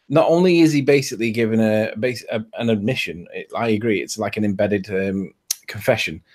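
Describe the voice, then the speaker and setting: A man in casual conversation, with a mid-pitched, even voice. He makes dry, teasing remarks as co-host. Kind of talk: casual chat.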